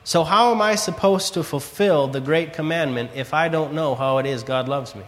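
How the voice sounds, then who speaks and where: A man's voice: a little high, animated, moderate pace, few pauses, fairly bright tone, big-room sound. A man preaching a sermon, earnestly telling a story and quoting scripture. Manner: earnest storytelling, quotes scripture and his own prayers.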